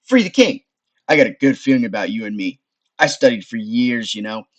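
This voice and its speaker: A man voicing a brash, chummy floating skull, an ancient male spirit who calls the hero boss, in a lively voice. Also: mid-range voice, fairly quick.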